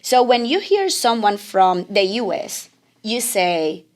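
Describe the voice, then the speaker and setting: A woman with a Cuban Spanish accent, a native Spanish speaker chatting as a guest on a podcast. She talks with emphasis and animation, repeating phrases to drive points home. Her voice sits at an ordinary middle pitch. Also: big pitch swings, slow. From Cuba. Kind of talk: casual conversation.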